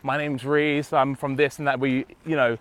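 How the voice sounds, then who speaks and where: A man's voice: medium pitch, normal speed. A man telling stories as a podcast guest, acting out the voices of the people he quotes. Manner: animated storyteller, acts out quotes. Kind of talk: casual podcast chat.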